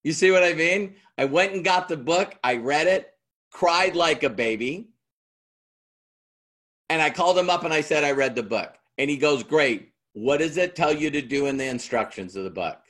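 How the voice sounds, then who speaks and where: A middle-aged motivational speaker addresses an audience conversationally, voicing both sides of past dialogues as he tells a story. His voice is on the high side, a bit bright and animated, at a normal speed.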